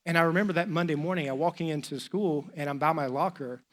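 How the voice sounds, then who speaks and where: A middle-aged man preaches from a church stage, spinning a personal story in a loose, conversational way. His voice sits a little high for a man, and he acts out the people in his story with lots of casual "like"s. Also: fast. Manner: lively, chatty, acts out dialogue with many "like"s. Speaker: pastor. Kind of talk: storytelling sermon.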